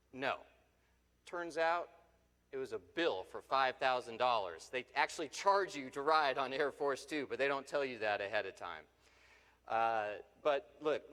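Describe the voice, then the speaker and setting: A man giving a motivational speech, telling lively stories and jumping his pitch up when he quotes people. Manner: animated storyteller, jumps up in pitch for quoted people. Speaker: motivational speaker. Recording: long reverb of a large hall.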